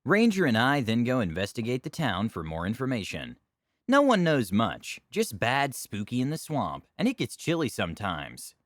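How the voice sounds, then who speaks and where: A man narrating a tabletop game story with wry, deadpan humor. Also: mid-range voice, moderate pace, no room sound, clean studio sound.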